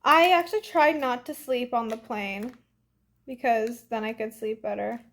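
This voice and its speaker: A woman's voice: a little high, moderate pace, fairly bright tone. A young woman chatting casually on a phone livestream and reading fan comments, a bit congested, breezy and full of "like" and "literally".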